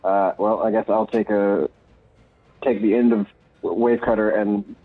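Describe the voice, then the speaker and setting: A man's voice: on the low side, fairly even intonation, unhurried, dry recording, faint music behind. A man playing a tabletop game online, talking chattily with hesitant restarts. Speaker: player. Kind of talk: casual tabletop game chat. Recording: dry tinny phone-like line.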